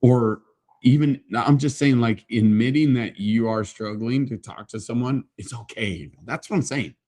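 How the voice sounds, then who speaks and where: A man co-hosting a casual chat as a matchmaker, talking in a playful, teasing and animated way. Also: medium pitch, normal speed. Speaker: matchmaker and co-host.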